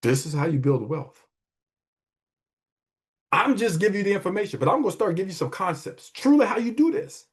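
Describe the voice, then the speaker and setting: A middle-aged man, a wealth advisor who hosts a podcast, delivers emphatic, preachy motivational talk about money and repeats phrases for effect. His voice is high, husky and sing-song, fairly quick, with frequent pauses.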